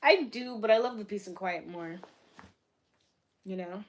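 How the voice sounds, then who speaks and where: A young woman from Boston chatting casually on a livestream, answering her chat in a blunt, profane way that swings between loud bursts and soft asides. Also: mid-range voice, measured pace. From Boston, USA. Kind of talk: casual live-stream chat.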